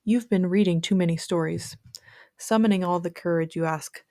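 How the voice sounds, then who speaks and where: A woman guiding a meditation, telling the tale calmly and at a measured pace. Her voice sits a little low and sounds soft and mellow. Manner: calm, measured storytelling. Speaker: meditation narrator. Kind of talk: guided meditation narration.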